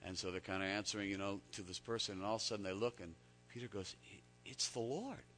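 A male pastor preaching with a low-set but bright, forceful voice. He tells stories conversationally, dropping to near-hushed asides and then climbing to loud, emphatic peaks. His words ring out through the long reverb of a large hall. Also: fast talker, a little hiss or hum. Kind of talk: sermon.

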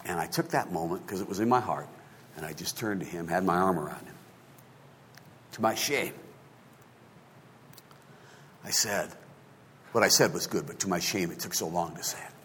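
A man in his fifties, a pastor telling a story in a sermon, swinging between hushed and loud. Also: deep voice, fairly quick, a little hiss or hum. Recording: long hall reverb.

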